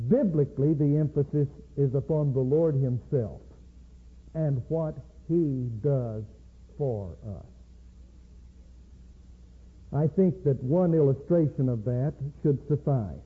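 Male preacher, slightly high, husky, slow and deliberate; thin phone-like audio. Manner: slow, measured, deliberate emphasis. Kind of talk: evening sermon. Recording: tinny phone-like lo-fi recording.

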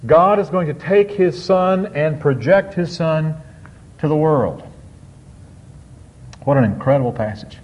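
Male preacher, slightly high voice, unhurried, emphatic verse reading, dull lo-fi sound. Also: expressive. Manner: slow, drawn-out scripture reading with emphatic swings. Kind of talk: sermon on a psalm.

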